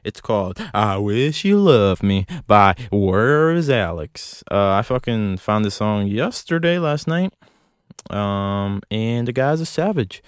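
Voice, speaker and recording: A man's voice: on the low side, animated, slow, clear, resonant tone, dry recording, studio quality. A young man hosting a solo podcast from a closet, rambling in a profane, self-mocking, jokey way. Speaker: podcast host. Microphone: close studio mic.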